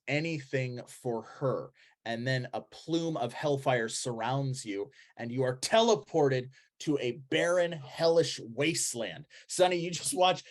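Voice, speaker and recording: A man narrating a tabletop game as game master, pausing often with ums and uhs. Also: medium pitch.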